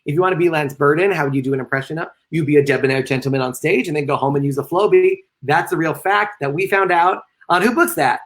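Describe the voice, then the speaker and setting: A man's voice: fast, few pauses, a bit bright. Man giving a jokey live lecture. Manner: joking asides, sudden playful jumps in pitch. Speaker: lecturer and comedian. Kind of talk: live-streamed lecture reading chat comments.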